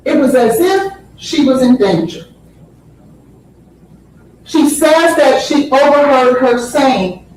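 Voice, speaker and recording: Brief: female defense attorney, high voice, unhurried and pointed, heard from across a booming courtroom. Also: lively intonation, darkish tone, slight background noise. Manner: deliberate, emphatic, repeats phrases for effect. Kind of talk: courtroom opening statement. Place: large courtroom. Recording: very echoey courtroom audio from far off.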